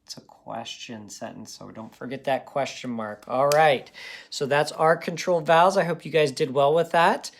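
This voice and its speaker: A man's voice: on the high side, moderate pace, a little hiss or hum. A man teaching a recorded phonics lesson to young students. He talks patiently and encouragingly and sounds out words part by part.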